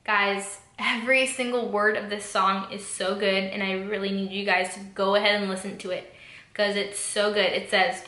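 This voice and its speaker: A woman's voice: mid-range voice, flat delivery, moderate pace, bright, forceful tone, soft background music. A young woman vlogging to camera about songs she loves, earnest and emotional, talking in a loose way with many fillers. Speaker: YouTube vlogger. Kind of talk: casual talk to camera. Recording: echoey room, faint background noise.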